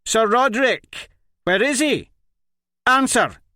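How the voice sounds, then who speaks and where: A man voicing a cruel, scornful woman torturer who taunts and yells threats. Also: medium pitch, expressive, normal speed, no room sound, clean studio sound, voice pushed up, lightly acted. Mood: yelling. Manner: taunting, then shrieking threats.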